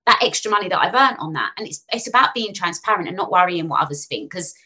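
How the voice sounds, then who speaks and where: A woman, a guest on a podcast, talking in quick, chatty bursts and acting out what other people say. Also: on the low side, animated, sharp tone. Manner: fast, chatty, acts out quoted people. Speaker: guest, finance author. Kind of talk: casual podcast chat.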